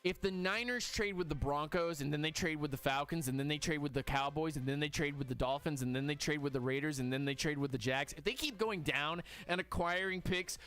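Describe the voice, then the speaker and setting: A man hosting a live stream, reacting excitably and talking to his chat in casual commentary. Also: fairly high pitch, fairly quick, few pauses.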